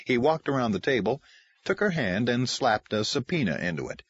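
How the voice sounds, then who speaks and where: A man narrating a novel as an audiobook reader, with expressive, varied delivery. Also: mid-range voice, normal speed, husky, no room sound. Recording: dry, slightly muffled lo-fi.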